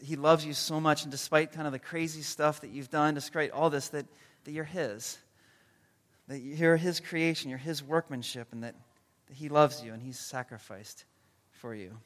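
A man preaching a sermon as pastor, earnest and gentle, with comic asides in other parts. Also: a little high, big-room sound. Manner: comedic storytelling with acted-out quotes.

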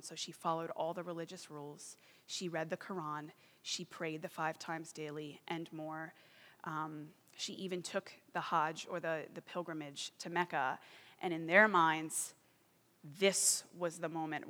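A woman preaches in an earnest voice that builds to fervent emphasis, her tone bright and forceful though fairly low. Her voice carries a long reverb, as in a large hall. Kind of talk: sermon with a read-aloud testimony.

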